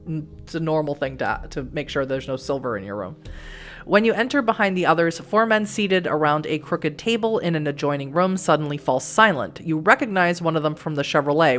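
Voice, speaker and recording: A chatty woman from Massachusetts reads a text game aloud, breaking off for quick asides and frequent laughs. Her voice sits fairly low for a woman. Soft music plays faintly in the background. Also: lively intonation. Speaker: let's play host.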